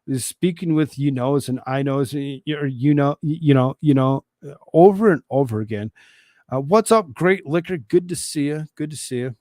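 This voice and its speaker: A man's voice: a little high, normal speed, a little mellow, no echo, clean studio sound. A man hosting a livestream, reading a transcript aloud and adding mocking commentary with frequent laughs. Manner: mocking, laughs often between remarks. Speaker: livestream host.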